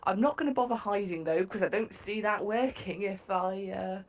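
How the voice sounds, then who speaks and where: A woman playing in a tabletop game, measured and matter-of-fact as she explains her move. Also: mid-range voice. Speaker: player. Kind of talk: casual tabletop game chat.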